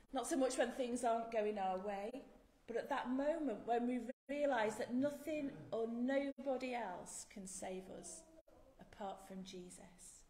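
A woman leading a church service who gives an earnest, measured sermon and then prays aloud. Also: fairly high pitch, a little mellow. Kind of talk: sermon and spoken prayer. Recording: echoey church room.

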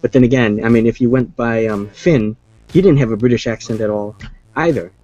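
A man's voice: medium pitch, brisk, mellow. A man hosting a casual movie chat who rambles, restarts his sentences and leans on fillers. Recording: muffled lo-fi sound with faint music.

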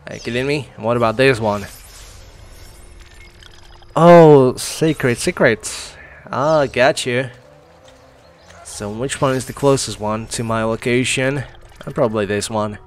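A man's voice: medium pitch, moderate pace. A man hosting a casual let's-play, chatting, thinking aloud and laughing often as he plays. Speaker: gaming channel host.

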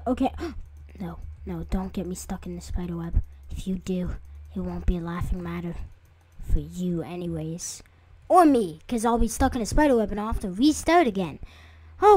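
In a casual let's-play, a young woman who makes gaming videos chats to her audience as she plays, getting startled easily and squealing suddenly. Her voice is medium in pitch with a dark tone, and the recording is dry.

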